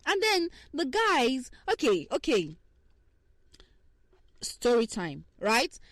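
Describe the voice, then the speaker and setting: A young woman hosting a casual talk on relationships, swinging between hushed asides and heated rants. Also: sits high, wildly swooping pitch, takes it slowly, dry recording. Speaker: podcast host.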